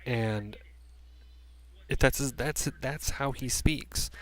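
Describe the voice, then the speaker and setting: A man's voice: medium pitch, slow, a bit bright. A man giving a casual spoken movie review from a room at home, rambling with many restarts and fillers.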